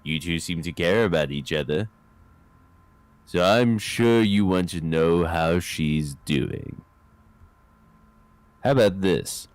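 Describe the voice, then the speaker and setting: A man's voice: low-pitched, slow, pauses often, no room sound. A man reading and acting out a detective's lines in a video game, joking and laughing between lines. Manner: joking, laughs often, reads lines aloud. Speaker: game player voicing the detective.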